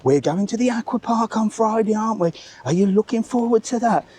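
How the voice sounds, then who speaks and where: A man doing a showy mother's voice, pitched high above his own and sing-song, gushing at her child so the whole bus can hear. It is loud and theatrical, a parent performing for strangers. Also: expressive, fairly quick.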